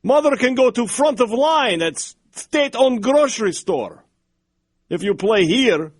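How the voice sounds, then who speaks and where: A man putting on a boastful Soviet-era Russian man, speaking slowly and deliberately in an exaggerated mock accent. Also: extremely high pitch, expressive, no echo, clean studio sound, pitched above the performer's own voice, heavily acted.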